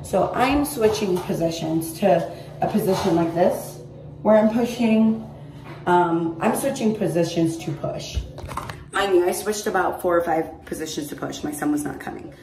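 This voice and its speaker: A woman's voice: on the low side, moderate pace, mellow, slight background noise. Chatty woman vlogging on a distant phone. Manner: chatty, rambling, frequent "like" and "mind you". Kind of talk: casual storytelling to camera. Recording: roomy echo, phone held at a distance.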